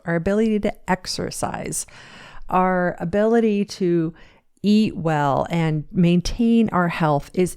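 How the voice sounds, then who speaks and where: A woman's voice: on the low side, darkish tone, clean tone, no echo, studio quality. A woman hosting a podcast and talking frankly from her chair into a microphone, joking often and stumbling through many fillers and restarts. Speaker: podcast host and fitness coach. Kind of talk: candid personal podcast monologue. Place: seated at a home podcast desk. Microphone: studio microphone, seated.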